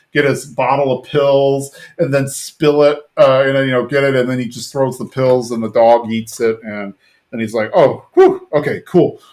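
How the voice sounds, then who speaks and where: Podcast host, man, mid-pitched, rambling casual recap with lots of filler, dips into character lines. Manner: rambling retelling full of "like" fillers, lightly mimicking characters' lines.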